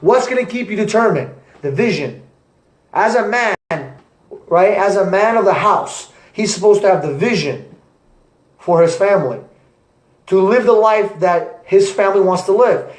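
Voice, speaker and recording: A young man, an entrepreneur, giving an energetic motivational talk to camera with repetitive, punchy phrasing. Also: high-pitched, normal speed. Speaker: entrepreneur vlogger. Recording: echoey room.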